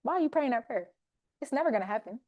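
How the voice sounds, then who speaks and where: A woman voicing a taunting evil spirit that whispers doubt in a low, mocking hush. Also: expressive, quick pace, dull audio, natural voice.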